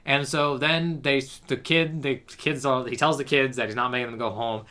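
A man's voice: mid-range voice, fairly even intonation, moderate pace, bright, forceful tone. A man co-hosting a podcast, wryly retelling a movie plot in casual chat. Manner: wry, retells scenes with quoted lines. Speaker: podcast co-host.

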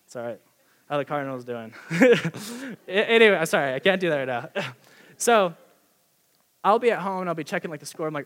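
Excitable young male preacher, slightly high voice. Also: normal speed. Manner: excited, conversational, with many "like" fillers. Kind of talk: sermon.

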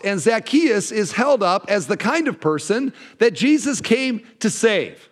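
A man preaching a sermon as pastor, animated, his voice often dropping low at the ends of phrases. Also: unhurried, hardly any pauses. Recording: long hall reverb.

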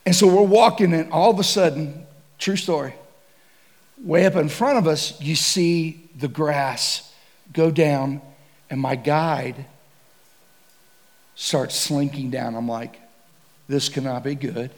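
Animated gravelly preacher man. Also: a little high, slow, long pauses. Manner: animated, shouts and laughs through stories. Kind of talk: comedic sermon storytelling.

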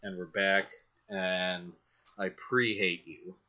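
A man's voice: low-pitched, fairly even intonation, slow pace, lo-fi sound. A man co-hosting a podcast, bantering dryly and reading book passages aloud. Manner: sardonic, mock-grumpy. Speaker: podcast co-host.

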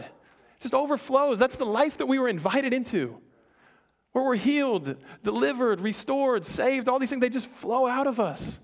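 A young adult man preaching a sermon to a congregation in a conversational, animated way, often restarting his sentences and acting out the people in the story. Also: high voice. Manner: conversational, animated, self-interrupting. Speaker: pastor. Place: church before a congregation.

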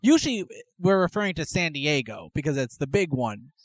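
A man co-hosting a podcast, excitable and quick to laugh. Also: on the high side, no room sound. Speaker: podcast co-host. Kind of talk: casual chat.

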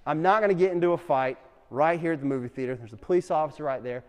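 A young adult man teaching a class, an animated storyteller who keeps asking the room questions. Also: fairly high pitch, rapid-fire, clear, resonant tone. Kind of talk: lively classroom talk with questions to students. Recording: long reverb in a hall.

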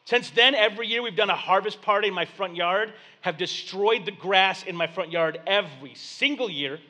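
A man's voice: high-pitched, normal speed, bright, forceful tone. A man in his thirties, a pastor, preaching a sermon in a church basement and telling a story in a loose, conversational way.

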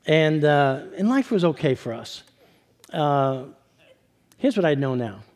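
A middle-aged man with a New York accent gives his testimony as a pastor. His voice sits a little high for a man. He tells jokes with animation, then drops low and quiet for the serious parts. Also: sing-song, slow pace, slight background noise. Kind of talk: sermon testimony.

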